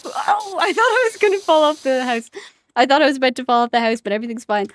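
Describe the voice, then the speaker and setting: Her voice is high and her pace quick as she, a young woman from Ireland, talks loosely with viewers during a game stream. She giggles, wanders off topic, and keeps correcting herself, and there's no room sound.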